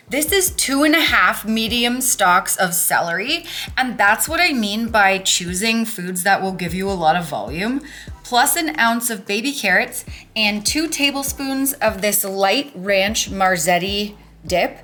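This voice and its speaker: A woman's voice: medium pitch, expressive, measured pace, bright, forceful tone, faint music behind. A woman in her thirties hosting a casual food vlog, chatty and upbeat as she walks through her meals. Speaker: vlog host.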